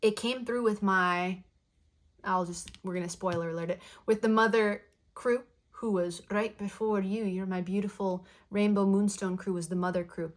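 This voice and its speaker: Gentle, affectionate woman reading tarot. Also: medium pitch, fairly even intonation, normal speed. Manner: gentle, affectionate, playful, repeats her affirmations. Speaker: tarot card reader. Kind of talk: spoken tarot reading to viewers.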